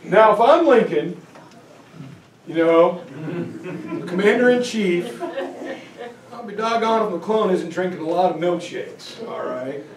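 A man giving a casual, animated history lecture, telling stories in a folksy, conversational way. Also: high voice, unhurried, long pauses, a crowd in the background. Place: school meeting room. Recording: echoey room, from far off.

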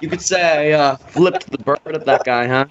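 A man with a somewhat high voice, chatting as a tabletop game player. He jokes and swears freely. He comes through on a slightly muffled recording with a faint hiss behind him. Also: moderate pace. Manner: joking, swearing. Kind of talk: casual chat during a tabletop game. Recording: slightly dull with faint noise.

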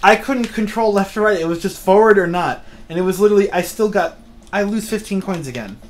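Young adult gamer, middle pitch, rambling and exasperated, game music behind. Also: brisk, slight background noise. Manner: storytelling, exasperated outbursts. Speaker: player. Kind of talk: casual let's-play banter.

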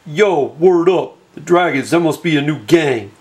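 A man's voice: a little high, normal speed, darkish tone, lightly acted. A man doing a silly impression of a tough-talking rapper in a home-made comedy movie, full of slang and rhymes. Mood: swaggering. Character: impression of a swaggering male rapper.

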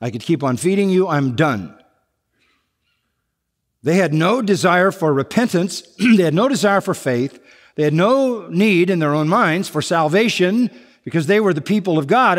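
A man preaching a sermon, emphatic, and he often repeats key phrases. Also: fairly high pitch. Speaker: pastor. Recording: long echo of a large hall.

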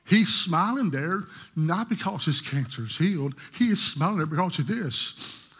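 A pastor preaching a sermon, telling stories in a voice that moves from hushed to emphatic. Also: male voice, on the high side, lively intonation, normal speed, slightly rough. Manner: storytelling, shifting from hushed to emphatic.

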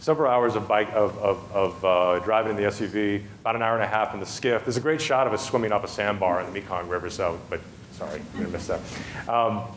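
A man's voice: lowish voice, steady tone, quick pace, slight background noise. A man giving a humorous storytelling talk on a festival stage, chatty and self-amused, with many asides and restarts. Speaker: festival speaker.

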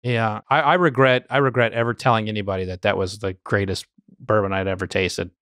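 A man's voice: fairly low pitch, fairly even intonation, a little fast, fairly bright tone, no echo. Rambling man telling bourbon stories. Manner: rambling storyteller with many restarts. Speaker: podcast co-host, bourbon collector. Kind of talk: casual chat.

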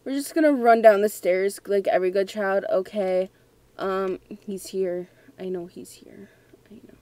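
A woman's voice: mid-range voice, steady tone, measured pace, dark tone, dry recording. A young woman playing a scary game at home, talking nervously and giggling to herself. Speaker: gamer. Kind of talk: let's play commentary.

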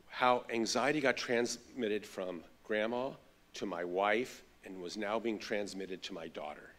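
Middle-aged male psychologist with a low voice, for animated keynote storytelling. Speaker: keynote speaker, child psychologist. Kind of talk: keynote lecture.

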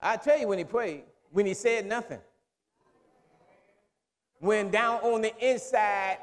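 A man preaching a sermon as pastor, in emphatic call-and-response style that builds to loud, drawn-out declarations. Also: sits high. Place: church sanctuary. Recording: long reverb of a church hall.

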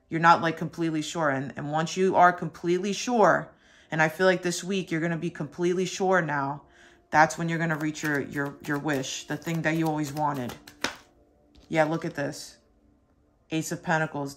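A tarot reader talking straight to the viewer in an earnest, reassuring way. The speech is loose and casual, circling back with repeated asides. The voice sits at a middle pitch. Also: fairly bright tone. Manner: loose and repetitive, with many asides.

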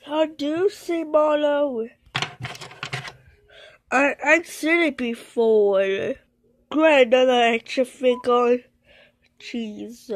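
A woman acting out a toy play in many quick voices, excitable and switching between shouts and mutters. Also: high voice.

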